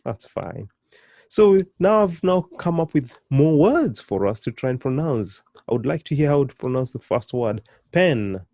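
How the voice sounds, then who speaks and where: Encouraging man teaching slowly. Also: dry recording. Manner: encouraging, repeats words slowly for learners to copy; animated, with sudden jumps in pitch and volume. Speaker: language teacher. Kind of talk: beginner language lesson.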